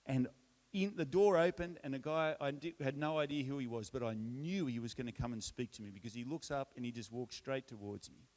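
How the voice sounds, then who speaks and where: A man's voice: medium pitch, brisk, few pauses. Australian man telling a church testimony. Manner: relaxed storytelling with self-deprecating humor and frequent restarts. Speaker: church speaker. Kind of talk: personal testimony in a sermon.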